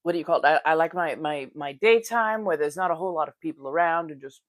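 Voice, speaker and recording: A woman's voice: low-pitched, animated, fast talker, no echo, clean studio sound. A woman from the United States, hosting a casual livestream, chatting and greeting viewers by name while she does her makeup. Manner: chatty, greets viewers warmly, frequent laughs. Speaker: livestream host.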